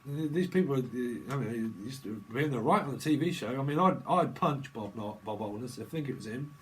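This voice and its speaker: A man's voice: medium pitch, expressive, brisk, fairly bright tone. A man giving a rambling, jokey tarot reading, free-associating and laughing often. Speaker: tarot reader. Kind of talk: rambling solo reading video.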